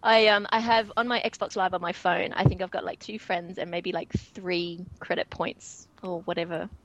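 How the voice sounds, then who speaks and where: A woman's voice: on the low side, level tone, moderate pace, a bit bright, muffled recording. A young Australian woman, a podcast guest, chatting casually and laughing often.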